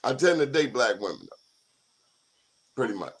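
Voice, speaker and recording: A man's voice: medium pitch, sing-song, normal speed. A man co-hosting a talk show in casual chat, joking and teasing his guest.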